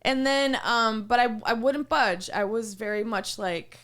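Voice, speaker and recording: A woman in her late twenties chatting on a podcast, her voice sitting a touch high. She tells her stories with animation, slipping into the voices of the people involved and breaking into laughter. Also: a little slow, crowd noise. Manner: animated storyteller who acts out the people in her anecdotes, laughing often. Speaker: podcast co-host. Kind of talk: casual chat.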